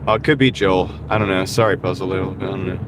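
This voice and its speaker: A man's voice: sits low, steady tone, fast talker. A man hosting a casual live stream while driving, upbeat and thanking viewers by name, his voice tired and wearing out. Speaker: livestream host. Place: in a moving car. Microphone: wireless mini clip-on mic. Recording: car ride with clear road noise. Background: road and car noise.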